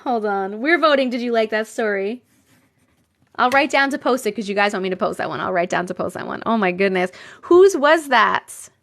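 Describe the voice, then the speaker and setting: A woman with a New York accent talks casually to viewers on a live stream. Her voice sits a little high, and she reacts in animated bursts and exclamations. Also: normal speed. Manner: animated, exclaiming and laughing often. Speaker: live stream host reading viewer stories.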